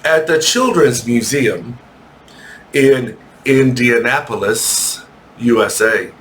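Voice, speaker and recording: A male English teacher leads a children's lesson at an unhurried, deliberate pace. He reads passages aloud, spells words out and slips in playful jokes, with faint background noise under his voice. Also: mid-range voice, lively intonation, a bit bright. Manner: joking, playful asides; spells and repeats words slowly. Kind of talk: classroom lesson reading aloud.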